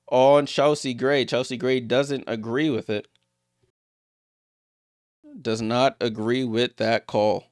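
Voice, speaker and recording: A man giving live play-by-play of a basketball game as a streamer, getting louder on big plays and greeting viewers in the chat. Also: steady tone, a little slow, no room sound, studio quality. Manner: rises sharply in pitch and volume on big plays.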